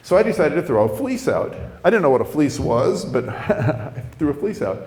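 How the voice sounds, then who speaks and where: A male pastor gives a testimony in a sermon. His voice sits a touch high, and he tells the story with animation and self-mocking humor. His voice echoes around the church hall. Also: sing-song, moderate pace, a little mellow.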